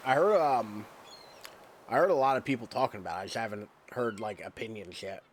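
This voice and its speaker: A man's voice: fairly low pitch, brisk, a little hiss or hum. A man streaming a farming game, chatting casually and rambling with lots of "like" fillers. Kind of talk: casual gameplay chat.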